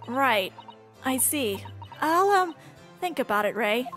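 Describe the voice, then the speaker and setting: A woman's voice: high-pitched, lively intonation, slow, faint music behind, voice pushed down, exaggerated voice. A woman voicing a polite, humble young female assistant in a game. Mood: earnest. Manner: formal, gentle.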